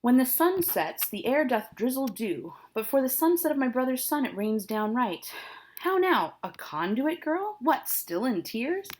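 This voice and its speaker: A woman's voice: high voice, very animated, unhurried, slightly rough, pitched above the performer's own voice, exaggerated voice. A woman reading as a blustering, furious old father. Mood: exasperated. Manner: loud, scolding, insulting. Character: blustering, angry older father, a nobleman. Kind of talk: dramatic reading of a play.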